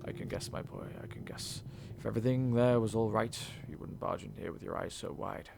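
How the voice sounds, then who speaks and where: Scornful older factory boss, read by a man, gravelly, low, menacing, game music underneath. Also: brisk, background noise. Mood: dismissive. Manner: contemptuous, menacing.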